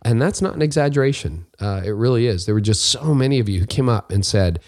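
A man's voice: medium pitch, animated, quick pace, a little mellow. A man hosting his leadership podcast, talking in a chatty, self-deprecating and upbeat way. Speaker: podcast host. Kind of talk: casual podcast monologue.

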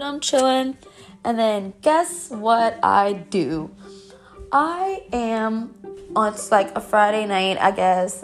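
A woman telling a personal story in a casual, rambling way, full of "like" fillers and restarts. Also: mid-range voice. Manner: rambling, heavy with "like" fillers and self-corrections; emotional, breaks into laughs. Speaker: storyteller recounting her own experience.

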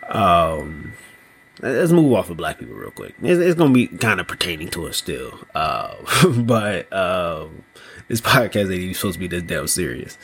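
A man hosting a solo podcast, talking slowly and loosely, often asking "you know what I mean". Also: sits low, creaky, a bit bright, slight background noise. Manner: slow, thoughtful delivery with small laughs. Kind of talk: casual solo podcast monologue.

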